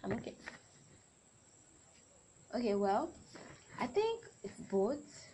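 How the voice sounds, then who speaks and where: A woman's voice: a little high, big pitch swings, takes it slowly, mellow, a little hiss or hum, poor audio. A young adult woman hosting a solo podcast, talking in a chatty, rambling way and often correcting herself. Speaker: podcast host.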